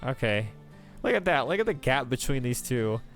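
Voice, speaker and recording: A man talking casually between scenes of a game he reads aloud. Relaxed and offhand, dropping the odd swear word, with soft music underneath. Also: medium pitch, normal speed. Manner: casual, swearing, self-deprecating. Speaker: gamer reading a visual novel aloud. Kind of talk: casual commentary.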